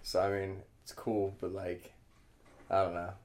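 Casting: thirties male podcast guest, very low voice, laid-back skater talk, heavy swearing. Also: completely flat delivery, measured pace, darkish tone. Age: 30s. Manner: laid-back, swears a lot, laughs often. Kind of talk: casual chat.

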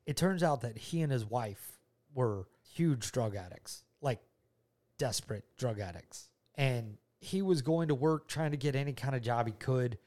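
A middle-aged man with a drawl tells a family story in a relaxed, rambling way. His voice sits at an ordinary pitch for a man. He repeats himself often and slips into the voices of the people he describes. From Georgia, USA. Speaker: father telling a story to his child.

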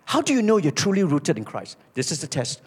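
Husky-voiced man preaching a sermon. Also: wildly swooping pitch, fairly quick. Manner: storytelling, emphatic, drops low for key points. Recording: echoey hall.

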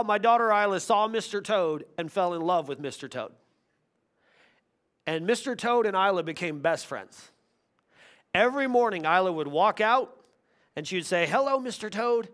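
High-voiced man preaching a sermon. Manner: earnest storytelling with swings from loud to hushed. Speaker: pastor.

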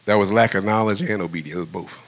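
A man in his fifties preaching a sermon in a relaxed, conversational way, telling a personal story and often breaking into laughter. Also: lowish voice, fast. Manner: conversational, animated, laughs often, acts out voices. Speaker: pastor.

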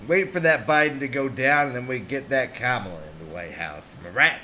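A man's voice: mid-range voice, brisk, bright, forceful tone, slight background noise. A man co-hosting a podcast in casual chat, sarcastic and profane. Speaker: podcast co-host.

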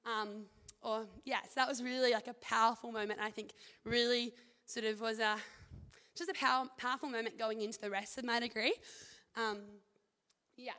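In a hall with long reverb, a young woman with a fairly high voice offers an earnest, rambling testimony of faith along with scripture reading. Her tone stays steady, her pace moderate, and her delivery sounds pushed and bright, with "like" and "I think" everywhere.

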